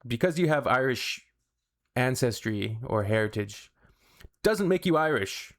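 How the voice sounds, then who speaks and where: A man's voice: mid-range voice, lively intonation, measured pace. A man hosting a reaction channel, chatting casually with wry, sarcastic asides. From Canada.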